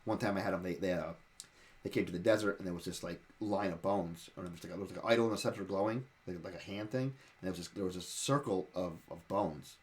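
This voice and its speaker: A man's voice: low-pitched, quick pace. A man in casual talk sharing advice as a dungeon master, rambling and often repeating and restarting his words.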